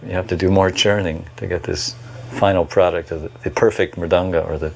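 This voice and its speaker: Low flat-voiced man recalling memories. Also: fairly quick, creaky. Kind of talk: reflective recollection.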